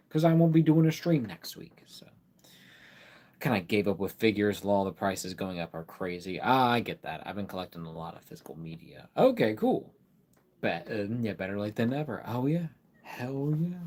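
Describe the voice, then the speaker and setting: A man with a somewhat low voice hosts a casual live stream. He rambles easily, reads items aloud and talks straight to viewers in chat, with plenty of ums and likes. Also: darkish tone. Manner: rambling, filler-heavy, reads product card aloud; chats directly with viewers in chat.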